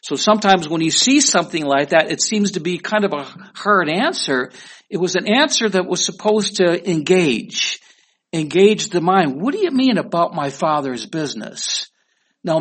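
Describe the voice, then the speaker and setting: A man preaching a sermon in a conversational way, asking his listeners questions. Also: fairly high pitch. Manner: conversational, asks the audience questions. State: weak voice. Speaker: pastor.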